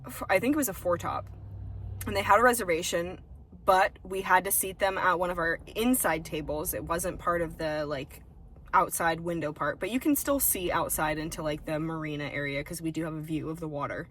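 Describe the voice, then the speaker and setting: A woman's voice: on the low side, a little fast, a bit bright, a little hiss or hum. A young woman co-hosting a podcast, telling a restaurant story in casual, profane chat. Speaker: podcast co-host.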